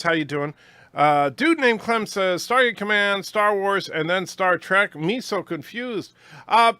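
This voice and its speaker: A man hosting a casual livestream, reading viewer comments aloud and chatting back, low on energy from a sore back, with lots of fillers. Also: pushed and bright, clear, resonant tone, no room sound. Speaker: livestream host reading chat.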